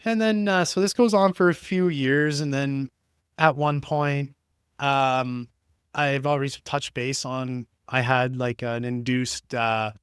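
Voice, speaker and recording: Rambling young man, smooth dry voice. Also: mid-range voice, fairly even intonation, slow, fairly bright tone, no room sound. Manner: rambling, heavy use of "like" fillers. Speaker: podcast host. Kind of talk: personal storytelling. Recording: dry close-mic home studio.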